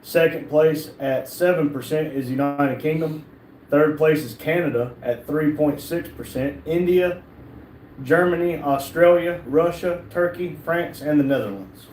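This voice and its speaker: A man's voice: fairly high pitch, a little slow, darkish tone. A man co-hosting a livestream, chatting casually and explaining viewer stats. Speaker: livestream co-host. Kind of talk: casual chat. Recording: roomy mic with faint noise.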